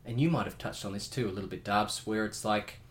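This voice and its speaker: A quick-talking podcast co-host with a fairly low voice chats casually, telling stories in an exaggerated, theatrical, mock-dramatic manner for laughs.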